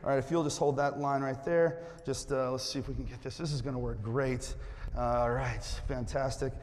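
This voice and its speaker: This preacher speaks fairly quickly, his medium-pitched voice keeping a fairly even intonation. Long reverb fills the church sanctuary as he playfully draws the congregation into participating before growing earnest and quiet.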